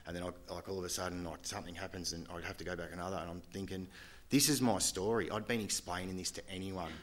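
A man giving a candid, halting personal testimony to a group at a recovery meeting, often restarting his sentences. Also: deep voice, steady tone. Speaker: speaker sharing at a recovery meeting.

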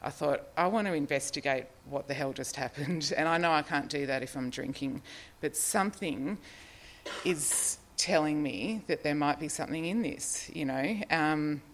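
A middle-aged Australian woman with a low voice shares a personal recovery story. She rambles a little, leans on fillers and laughs at herself often. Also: normal speed, slight background noise. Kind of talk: personal testimony, casual storytelling.

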